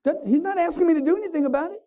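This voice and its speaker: A man's voice: very high-pitched, racing, mellow. A man giving a motivational sales seminar on stage, quizzing the live audience and acting out customers in punchy bursts. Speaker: sales trainer.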